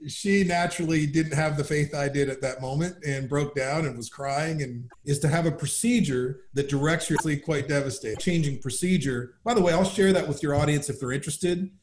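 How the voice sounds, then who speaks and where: A man telling his life story as a guest in an interview, upbeat and animated. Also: on the high side, fairly quick, few pauses. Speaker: guest, business founder. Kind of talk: conversational storytelling. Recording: roomy echo.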